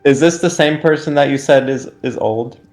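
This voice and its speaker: A man playing in a tabletop game, speaking hesitantly with many pauses. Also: mid-range voice, darkish tone, faint music behind. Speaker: player.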